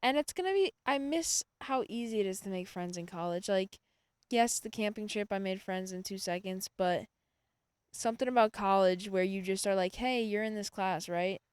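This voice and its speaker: A woman's voice: mid-range voice, moderate pace, smooth, no echo. A woman in her twenties hosting a podcast, talking through her day in a rambling, reflective solo monologue full of fillers. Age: 20s. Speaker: podcast host. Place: outdoors in a hammock.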